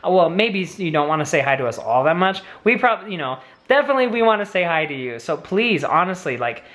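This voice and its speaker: A man's voice: a little high, big pitch swings, a little fast, a bit bright. A young man co-hosting a family vlog Q&A, chatting eagerly with rambling asides and restarts. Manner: enthusiastic, rambling, lots of fillers and restarts. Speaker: vlogger co-host. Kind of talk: casual Q&A chat.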